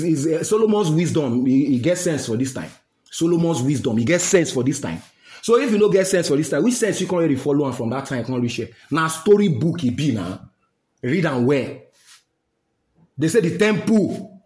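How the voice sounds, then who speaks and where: A man's voice: fairly high pitch, lively intonation, moderate pace, a little mellow, reverberant. A man with a Nigerian accent giving a fiery, scolding rant to camera, slipping into Pidgin. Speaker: social commentator.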